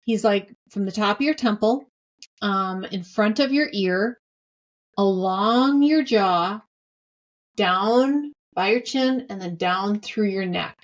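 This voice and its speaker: A woman's voice: mid-range voice, takes it slowly, highs cut off. Woman telling a story with emphatic repetition. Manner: emphatic, repeats phrases for stress; candid and heartfelt. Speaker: podcast host. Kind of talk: personal storytelling chat.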